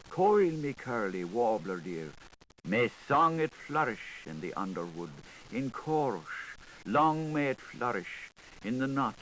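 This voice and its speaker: A man reading an unabridged literary audiobook in a lilting, sing-song recitation with wide swings in loudness. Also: mid-range voice, low-quality recording. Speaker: audiobook narrator. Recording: 1980s studio tape, faint hiss.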